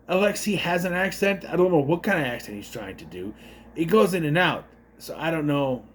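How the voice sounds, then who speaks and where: A man's voice: medium pitch, a little hiss or hum. A man giving a casual spoken movie review, rambling with unsure asides and self-corrections.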